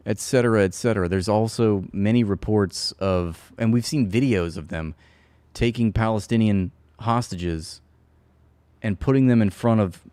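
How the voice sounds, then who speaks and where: Blunt, low-voiced man in dry audio. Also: moderate pace, darkish tone, clear, resonant tone, dry recording. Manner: blunt and profane, loose off-the-cuff talk. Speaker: commentary channel host. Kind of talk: casual political commentary.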